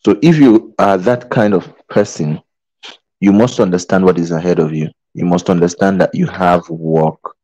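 Earnest man with a mellow, low voice. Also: moderate pace, no room sound, poor audio. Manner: earnest, pleading, repeats phrases, checks in with "okay?" and "right?". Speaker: motivational speaker. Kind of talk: live-streamed motivational talk. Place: in Qatar.

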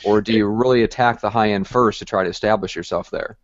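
A man hosting an interview who asks curious, friendly questions and drops in quick jokes. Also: fairly low pitch, steady tone, no echo. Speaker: podcast host, interviewer. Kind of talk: interview over a live video call. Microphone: video call. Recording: dry, dull lo-fi video call audio.

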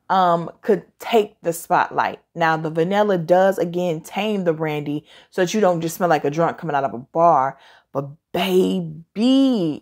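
A tired, chatty woman in her forties who talks fast and gives opinionated reviews in a casual vlog. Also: lowish voice, darkish tone. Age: 40s. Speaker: fragrance reviewer.

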